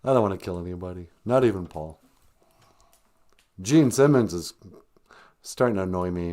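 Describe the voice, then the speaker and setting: A man's voice: low voice, animated, moderate pace, pauses often, mellow. Rambling, sarcastic male podcast host. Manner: rambling and sarcastic, with many fillers. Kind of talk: live-stream comedy rant.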